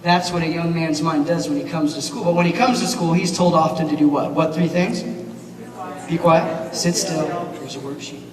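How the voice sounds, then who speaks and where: A man giving a keynote speech at a banquet, animated and asking the audience questions. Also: fairly high pitch, moderate pace, a crowd in the background. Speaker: keynote speaker, teacher. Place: large banquet hall. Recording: echoey hall, mic from far off, noisy.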